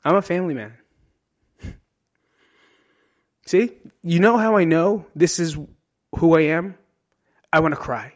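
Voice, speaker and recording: Speaking at a measured pace with long pauses, this podcast host has a voice on the high side and lively intonation. He's from New Jersey, talking alone on his show, and he's open and emotional, cursing freely and ending points with "right?"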